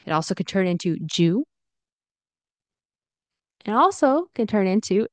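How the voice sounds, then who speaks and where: A woman gives an English pronunciation lesson at a very slow, careful pace, with a gravelly edge of vocal fry in her voice. She says each example phrase several times. The sound is dry and close, with no room echo. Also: fairly low pitch, big pitch swings.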